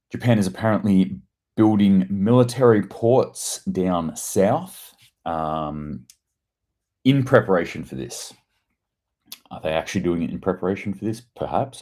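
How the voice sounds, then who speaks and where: A man's voice: low-pitched, a little mellow. A man giving casual, profane news commentary on a livestream, breaking into sarcastic rants and reading chat messages. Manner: profane, ranting, sarcastic asides. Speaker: host of a daily news commentary show.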